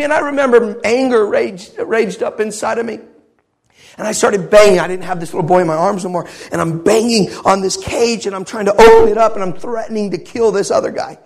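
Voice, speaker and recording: A man's voice: sits high, steady tone, brisk. A man preaching a sermon, telling a story with great passion. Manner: impassioned storytelling.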